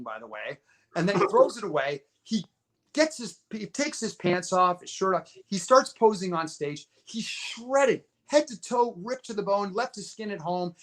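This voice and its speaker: As a guest on a podcast, this bodybuilding promoter in his fifties tells stories conversationally, voicing quotes and repeating words as he goes. His voice is high with a fairly bright tone.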